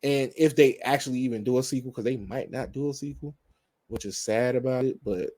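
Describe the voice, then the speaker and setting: A man's voice: mid-range voice, a little fast, a little mellow. A man talking casually as he reviews a movie, rambling with fillers and easy asides. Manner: rambling, conversational, frequent laughs and fillers.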